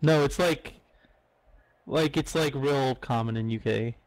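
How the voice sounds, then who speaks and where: A man's voice: medium pitch, a little slow, no echo, low-quality recording. A man chatting casually with friends on a game stream, explaining things in a lecturing way.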